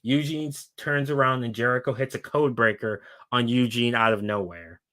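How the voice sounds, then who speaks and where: A man's voice: mid-range voice, moderate pace, fairly bright tone. A man co-hosting a podcast, casually recapping a wrestling storyline with lots of fillers and restarts. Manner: rambling, filler-heavy storytelling. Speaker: podcast co-host. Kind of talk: casual chat recapping a fantasy wrestling booking.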